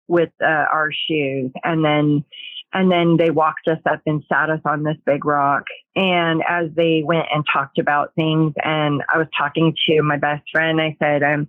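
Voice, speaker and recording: Woman guest, halting testimony, tinny narrow sound with no room echo. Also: deep voice. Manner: hesitant, halting, with many pauses. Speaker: guest sharing a personal testimony. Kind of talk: emotional personal testimony.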